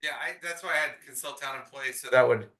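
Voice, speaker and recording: A man on a town committee arguing his point in a meeting, animated and blunt, with frequent restarts. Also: medium pitch, fast. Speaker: committee member. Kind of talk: meeting discussion.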